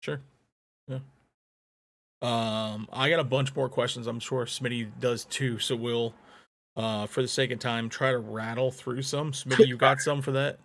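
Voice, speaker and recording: A man of middle pitch with a gravelly, creaky edge to his voice. He hosts a casual podcast chat, putting questions to his guest and laughing easily. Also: fairly even intonation, a little slow. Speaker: podcast host. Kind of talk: casual interview.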